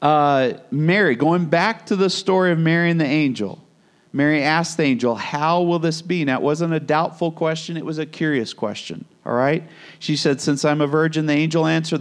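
Male pastor, lively conversational sermon, fairly high voice, acts out the scenes. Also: moderate pace.

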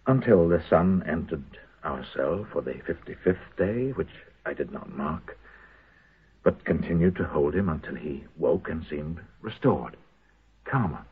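An actor playing a haunted prisoner who makes a halting, intense confession to his comrades in a 1970s radio drama. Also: deep voice, husky, heavily acted. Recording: tinny lo-fi old radio broadcast.

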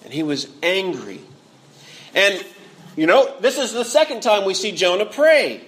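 A man with a notably high voice delivers a sermon in an earnest, expressive way. He often repeats words mid-sentence, and he brings the quoted lines to life with feeling. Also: measured pace. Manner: frequent word repeats. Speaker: preacher.

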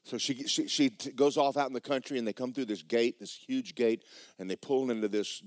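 A male preacher telling a story in a folksy, animated way, often repeating words. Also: medium pitch, fairly quick, no echo. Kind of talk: storytelling sermon.

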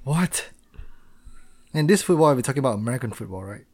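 A man's voice: mid-range voice, expressive, a little fast, darkish tone. Teasing man in casual podcast banter. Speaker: podcast co-host. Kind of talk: casual chat.

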